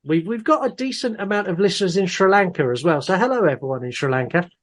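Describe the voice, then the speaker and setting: A man's voice: high-pitched, animated, fast talker. A man co-hosting a casual movie podcast, joking and rambling a bit. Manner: jokey, rambling, self-deprecating. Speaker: podcast co-host.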